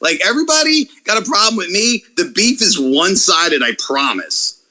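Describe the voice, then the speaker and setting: A man's voice: high-pitched, moderate pace. A man talking in a casual podcast chat, ranting and swearing freely about online critics. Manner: profane, animated, ranting. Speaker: wrestling YouTuber guest.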